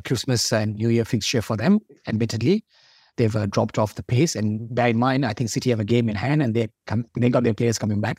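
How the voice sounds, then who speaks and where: A male pundit makes his football case in a confident, upbeat way. His voice sits in a middle pitch. The sound is dry and close. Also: a little mellow, slightly rough, no echo. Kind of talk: casual studio chat.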